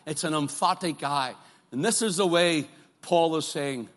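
A man preaching a sermon, moving between loud fervent declarations and quiet, pleading questions to his listeners. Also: fairly high pitch, a little slow. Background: congregation present, also streamed live.

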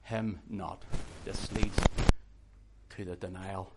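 A man preaching a sermon with passion, moving from hushed, quiet passages to loud, urgent outbursts. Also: sits low, steady tone, slow pace, creaky, very noisy. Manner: impassioned, swings from hushed to shouting.

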